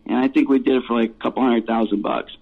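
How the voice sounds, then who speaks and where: A man's voice: mid-range voice, level tone, quick pace. Rambling man on a tinny phone line. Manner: rambling, laughing, profane storyteller. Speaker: musician guest. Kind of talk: casual storytelling interview.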